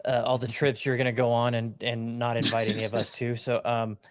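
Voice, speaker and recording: A man's voice: medium pitch, completely flat delivery, fairly quick, no echo, clean studio sound. A man hosting a podcast in a casual, jokey chat, laughing along easily. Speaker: podcast host.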